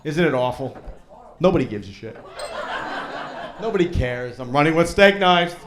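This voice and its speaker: Brash stand-up comic man, slightly high voice. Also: animated, moderate pace, crowd noise. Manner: brash, crude, teasing the audience. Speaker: stand-up comedian. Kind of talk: stand-up set with crowd work. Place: comedy club stage before a laughing crowd.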